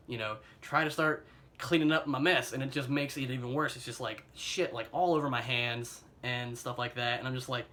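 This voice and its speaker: A young man with an American accent recounts a mishap in a loose storytime monologue. His voice sits at an ordinary middle pitch, and he rambles along with plenty of "like" and "you know". He mocks himself and breaks into chuckles, all captured on a phone camera. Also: pushed and bright. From United States. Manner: rambling and self-mocking, full of fillers and chuckles. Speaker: vlogger telling a personal story.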